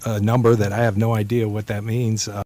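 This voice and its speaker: Low, flat-voiced man giving a report. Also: a little fast, no room sound, studio quality. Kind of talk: matter-of-fact reporting.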